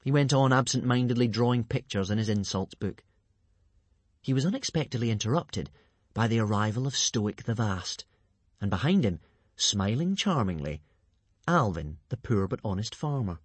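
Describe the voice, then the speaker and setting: Man, storybook narrator, husky, lively, dry close sound. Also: on the low side, moderate pace, no room sound. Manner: lively expressive reading. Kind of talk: storybook reading.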